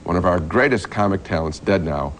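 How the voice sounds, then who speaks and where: A man co-hosting a TV film review show, speaking in a measured, reflective way. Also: deep voice, expressive, slight background noise. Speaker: film critic, co-host.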